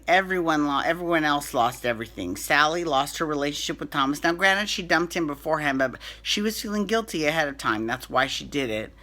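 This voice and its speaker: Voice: mid-range voice, bright, forceful tone. A soap opera recap host giving a chatty, opinionated rundown, with frequent restarts and fillers. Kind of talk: casual chat.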